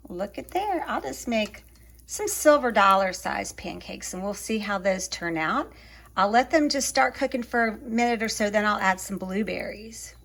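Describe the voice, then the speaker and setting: A woman's voice: medium pitch, vocal fry, a bit bright. A woman hosting a casual cooking show from her home kitchen, chatty and folksy, talking straight to her viewers.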